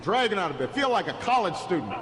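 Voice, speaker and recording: Stop-start and halting, a high-voiced political speaker repeats words when he restarts as he tells a story in a speech. By the end he builds to a rousing, shouted close. Echo from the hall and steady background noise fill the recording.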